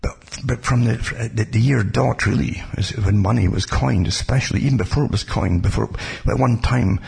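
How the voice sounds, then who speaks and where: A man's voice: fairly low pitch, normal speed, gravelly, a little mellow, breathy edge. A man giving a rambling, casual talk about history, full of digressions and asides. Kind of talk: casual spoken history monologue.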